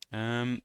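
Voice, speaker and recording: A man co-hosting a casual podcast, agreeing often and reacting with enthusiasm. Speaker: podcast co-host. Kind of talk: casual chat.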